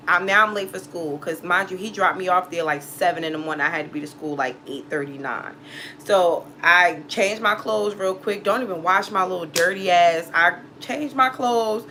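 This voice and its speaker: With a lowish, sharp-toned voice, a woman who reads tarot recounts a personal story for her casual vlog. She's profane and emphatic and laughs often, and there's a little hiss or hum in the audio.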